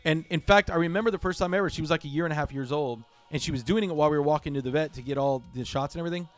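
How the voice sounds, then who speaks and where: Middle-aged man, halting heartfelt stream chat. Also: a little high, faint music behind. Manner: halting, repeats himself, heartfelt. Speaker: livestream gamer host. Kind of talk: casual livestream chat.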